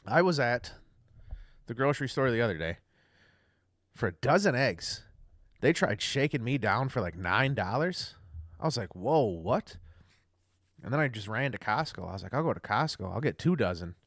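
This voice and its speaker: A man's voice: medium pitch, no echo, clean studio sound. A young man rambling casually through a livestream rant, loose, chatty and profane. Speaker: livestream host.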